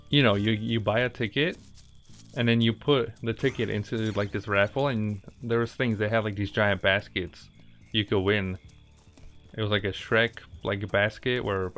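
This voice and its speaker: A man casually telling a childhood story while playing a video game, rambling and breaking off to react to the game. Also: lowish voice. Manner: rambling, chatty, with laughs and asides to the game. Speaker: gaming channel host. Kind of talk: casual gameplay commentary with storytelling. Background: faint game music.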